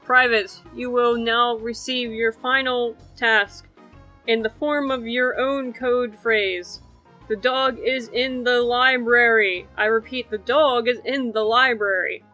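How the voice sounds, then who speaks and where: A young woman with a high, bright, sharp voice reads a fan comic dub aloud. She keeps it playful and loose, and she trips over words and starts lines again. Soft music plays faintly behind her. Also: dry recording, low-quality recording.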